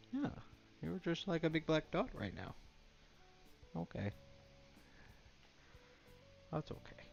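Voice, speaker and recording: A man streaming a game live, chatting softly to his pet dog between game lines. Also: a little high, wildly swooping pitch, slow pace, gravelly, pauses often. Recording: dull lo-fi, faint game music.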